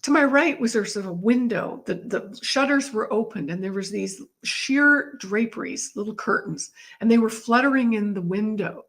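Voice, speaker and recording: A woman guest in an interview, telling a personal story in a vivid, animated way and laughing now and then. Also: mid-range voice, moderate pace, few pauses.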